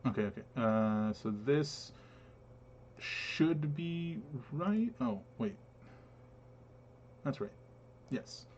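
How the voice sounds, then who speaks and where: A man running an online tabletop game as game master, pausing often with fillers as he explains the rules. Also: a little high, very animated, vocal fry, a little mellow, dull audio, slight background noise. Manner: hesitant, many filler pauses while explaining rules.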